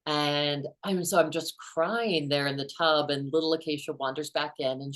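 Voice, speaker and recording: A middle-aged woman author, a guest in an interview, telling personal stories in an animated way and acting out the quotes. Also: low voice, moderate pace, hardly any pauses. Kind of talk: conversational interview storytelling.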